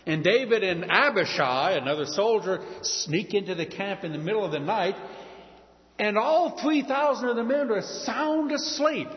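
A man retells a Bible story for a lesson in a folksy, lively manner, his voice high and swinging widely. The sound is dull, with a long hall echo. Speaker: Bible teacher. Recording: dull reverberant hall recording.

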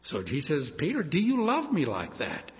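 A man's voice: on the high side, huge pitch swings, normal speed. A man preaching a sermon, emphatic, with a voice that rises and falls. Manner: emphatic, rising and falling. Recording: dull lo-fi audio in a long-reverb hall.

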